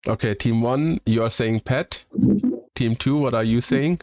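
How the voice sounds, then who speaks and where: Streamer man running a game quiz, brisk and chatty, dry close sound. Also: medium pitch, darkish tone, no room sound. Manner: brisk, laughs between questions. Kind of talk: casual live-stream chat.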